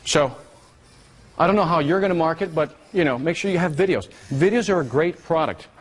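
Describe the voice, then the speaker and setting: A man running a live seminar, pitched a little higher than most men. He talks in an animated, playful way, firing questions at the room and teasing people until they answer back. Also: brisk, slightly rough. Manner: animated, teasing, call-and-response with the audience. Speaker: seminar speaker on marketing. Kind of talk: live seminar talk to an audience.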